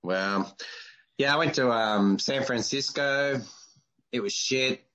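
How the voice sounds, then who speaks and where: A man's voice: medium pitch, slow pace, bright, forceful tone. A man in his forties with an Australian accent, hosting a casual podcast interview with blunt, crude teasing. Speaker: podcast host.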